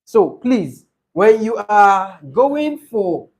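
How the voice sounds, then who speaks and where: A man's voice: high voice, very animated, drawn-out words, a little mellow. A man with a Nigerian English accent teaching a class on pronunciation, stressing and repeating key words to drill them.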